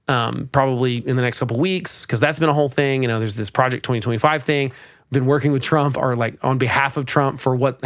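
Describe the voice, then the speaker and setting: A man hosting a podcast, giving exasperated, animated political commentary with sarcastic mock quotes. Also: mid-range voice, dry recording, clean studio sound. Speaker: podcast host.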